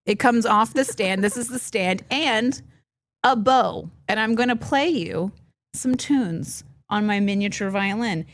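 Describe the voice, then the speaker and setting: A woman co-hosting a podcast, telling an animated story in casual chat and laughing often, recorded on a studio microphone. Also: mid-range voice, measured pace. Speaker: podcast co-host.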